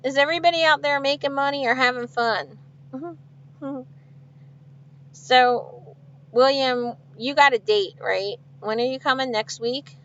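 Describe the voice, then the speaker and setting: A woman's voice: sits high, unhurried, a bit bright, highs cut off. A woman truck driver chatting casually on a live stream from her truck cab, laughing often and reading viewer comments aloud. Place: inside a truck cab with refrigeration unit running. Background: refrigeration unit hum.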